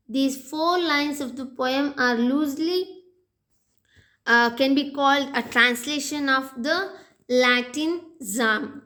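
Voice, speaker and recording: Slow, high-voiced Indian English teacher. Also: female voice, sharp tone. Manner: slow, deliberate, with frequent "uh" pauses. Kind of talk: recorded lecture.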